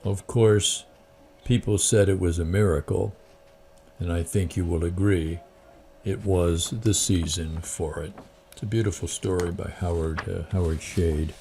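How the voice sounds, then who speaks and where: Deep-voiced man reading a story aloud. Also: fairly even intonation, a little slow, gravelly, darkish tone. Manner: hesitant with fillers when speaking freely. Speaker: Christian channel host.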